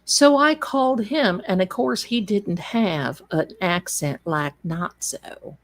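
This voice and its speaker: A woman's voice: mid-range voice, slow. A woman telling a spooky personal story on a live show in a chatty, dramatic and folksy way, calling her listeners darlings.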